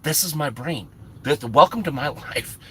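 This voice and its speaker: A man's voice: fairly high pitch, lively intonation, moderate pace, husky. A middle-aged man telling a rambling, self-mocking story to his chat, with lots of restarts. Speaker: streamer. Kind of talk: casual storytelling to live chat.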